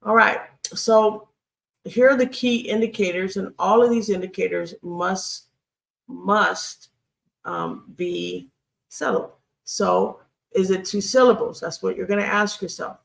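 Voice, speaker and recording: Slow, gravelly-voiced Hebrew grammar teacher. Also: medium pitch, fairly even intonation. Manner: deliberate, repeats key phrases, frequent ums. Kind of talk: screen-share lesson.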